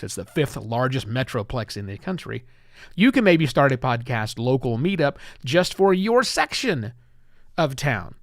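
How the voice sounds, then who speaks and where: A man hosting a live-streamed solo podcast, lively and chatty, with self-deprecating asides. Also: mid-range voice, dry recording, clean studio sound. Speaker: podcast host.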